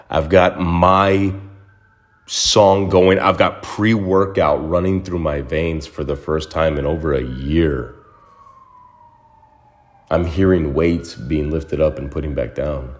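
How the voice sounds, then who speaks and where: A young man hosting a solo podcast, talking through his own story in a reflective, heartfelt way, often repeating himself as he gathers his thoughts. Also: sits low. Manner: reflective, emotional, repeats words. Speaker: podcast host. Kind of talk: casual solo monologue.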